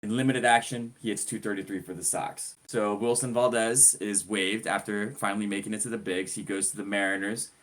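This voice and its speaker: A man co-hosting a podcast, running through a sports story in a relaxed, joking, conversational way. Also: on the low side, brisk, few pauses. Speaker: podcast co-host. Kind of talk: casual sports chat.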